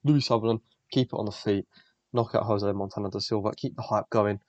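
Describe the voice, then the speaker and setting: A man's voice: on the low side, fairly even intonation, fairly quick, a little mellow, no room sound. A young man, the host, giving blunt, profane, rambling fight predictions in casual solo commentary. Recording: dull lo-fi dry recording.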